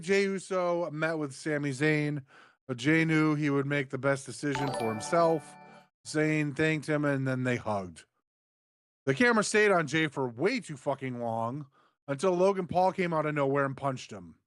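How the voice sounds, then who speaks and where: A man's voice: on the high side, animated, moderate pace, no echo, clean studio sound. A man co-hosting a wrestling show, recapping events sarcastically with casual swearing. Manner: sarcastic, profane. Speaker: podcast co-host.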